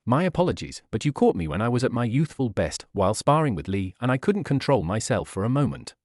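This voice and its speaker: A man reading aloud as a loud, overexcited adult male martial arts teacher in a fan story. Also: mid-range voice, sing-song, fast talker, dry recording, clean studio sound. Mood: boisterous. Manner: boisterous, grandiose.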